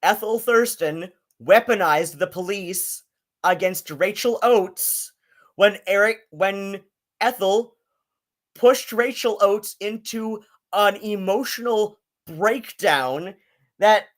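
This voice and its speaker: A man's voice: high voice, takes it slowly. Rambling, profane man streaming commentary. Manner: rambling, profane, many fillers and restarts. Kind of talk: casual live-stream commentary.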